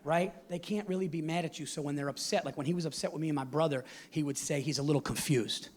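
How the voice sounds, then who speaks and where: A man in his forties doing animated stand-up comedy on stage, acting out his family in loud put-on voices. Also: fairly high pitch, fast. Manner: animated, acts out his father with a loud Italian-American voice. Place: comedy stage before a live audience. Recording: live show with audience laughter and noise. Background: audience laughing.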